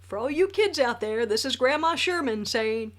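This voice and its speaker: A woman in her forties talks straight to the camera about writing wedding speeches. Her voice sits a little high, and her delivery is animated, jokey and emphatic. She sounds like she is recording at home under a ring light. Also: normal speed. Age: 40s. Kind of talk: direct-to-camera tips video.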